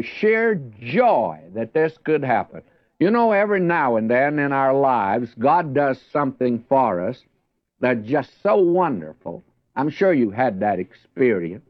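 A male pastor giving a folksy, conversational Bible teaching. He slows down when he reads scripture aloud. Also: medium pitch, no echo, lo-fi sound. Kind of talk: radio Bible teaching sermon.

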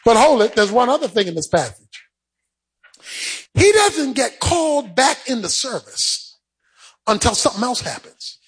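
Husky, lively preaching man. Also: very high-pitched, normal speed, pauses often, poor audio. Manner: preaching with loud shouted peaks and sing-song cadence. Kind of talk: sermon.

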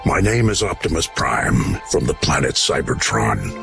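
An older man, a voice actor, telling a story in a slow, deep storytelling manner in an interview clip. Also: sing-song, vocal fry. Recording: music behind. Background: music.

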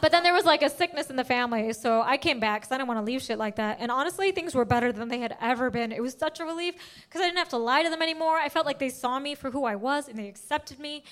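High-voiced animated female stand-up comic. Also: quick pace, hardly any pauses. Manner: animated storytelling, loud bursts when acting out scenes. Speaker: stand-up comedian. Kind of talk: stand-up comedy set.

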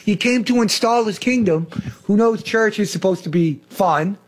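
A man's voice: sits high, moderate pace. A man hosting a faith talk, preaching fervently about salvation and healing. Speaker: host.

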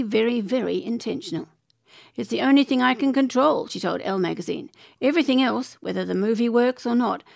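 Gravelly woman reading showbiz news. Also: a little high, darkish tone, no room sound, studio quality. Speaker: narrator. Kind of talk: scripted entertainment news narration.

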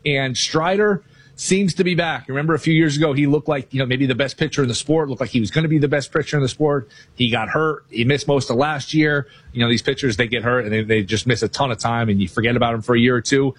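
Man, husky voice, rapid casual betting talk, self-deprecating. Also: mid-range voice. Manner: fast, loose, self-deprecating. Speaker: sports betting analyst guest.

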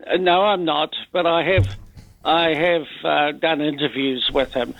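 A man's voice: fairly high pitch, steady tone, unhurried, gravelly. An older man with a New Zealand accent calling a talkback show, rambling and hesitant as he grumbles. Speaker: caller. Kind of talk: casual talkback chat. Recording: muffled phone-in line.

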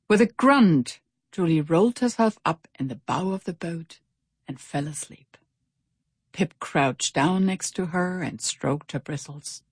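A woman reading a children's storybook aloud in an expressive, animated way. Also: on the low side, slightly rough, no room sound, clean studio sound. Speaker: narrator. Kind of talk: storybook narration.

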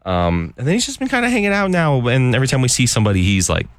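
A man's voice: medium pitch, sing-song, rapid-fire, no echo, clean studio sound. A man from an animal shelter chatting on a radio show, upbeat and chatty, laughing often. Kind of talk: casual radio chat.

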